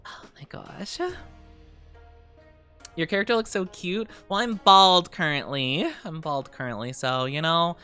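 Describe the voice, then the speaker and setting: A woman's voice: low voice, unhurried, sharp tone, clean tone, soft background music. A woman streamer chatting casually with her live chat, giggling often and trailing off with fillers.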